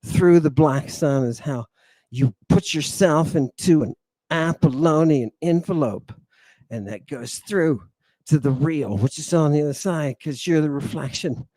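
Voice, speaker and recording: Theatrical man lecturing, high voice, slow. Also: mellow, no room sound. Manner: theatrical, sighing, swings from booming to muttered asides. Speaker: host. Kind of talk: animated lecture to an online audience.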